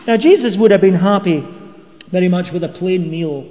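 Middle-aged male preacher, high mellow voice, dull roomy church recording. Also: normal speed. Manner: conversational preaching with rhetorical questions. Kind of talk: sermon. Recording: dull echoey hall recording.

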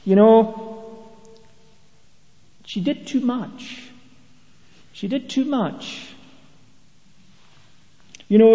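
Middle-aged male preacher, high mellow voice, dull roomy church recording. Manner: conversational preaching with rhetorical questions. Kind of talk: sermon. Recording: dull echoey hall recording.

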